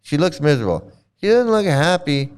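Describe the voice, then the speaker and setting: A man's voice: on the high side, big pitch swings, normal speed, darkish tone, clean tone. A man hosting casual commentary as he reacts to videos, blunt and sarcastic, swearing and often restarting his phrases.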